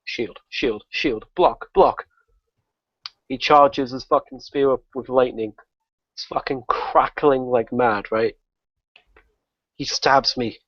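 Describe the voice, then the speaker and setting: Man, gaming podcast guest, profane, excitable, laughing, dry dull lo-fi sound. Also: medium pitch, slow, long pauses, no room sound. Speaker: guest gamer. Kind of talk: casual podcast chat.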